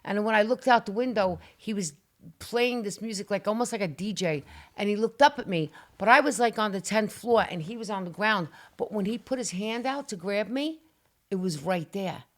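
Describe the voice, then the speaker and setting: A woman's voice: medium pitch, normal speed. A middle-aged woman on a talk show, animatedly telling a dramatic personal story and swearing now and then. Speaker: guest. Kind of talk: casual storytelling.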